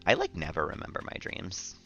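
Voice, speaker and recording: A man streaming a game and chatting casually in a relaxed, rambling way, chuckling often. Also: very deep voice, a little fast, creaky, highs cut off, faint music behind. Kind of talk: casual gameplay chat.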